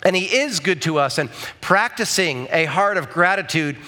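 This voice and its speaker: A man's voice: high-pitched, animated, normal speed, pushed and bright. A male pastor preaching a conversational sermon in church, often checking in with the congregation with asides.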